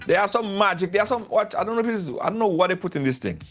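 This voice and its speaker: A middle-aged man hosting a live show, pitching products and telling stories in an excitable, repetitive way. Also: racing. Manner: storytelling, excitable, repeats himself. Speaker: live show host doing product ads. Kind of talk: animated live-stream ad chat. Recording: faint music behind.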